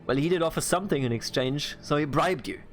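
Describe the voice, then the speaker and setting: A man's voice: on the high side, fast talker, faint music behind, lightly acted. A man reading as a stern courtroom judge. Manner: curt, accusing, read from game text. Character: stern revolutionary court judge, cold and accusing.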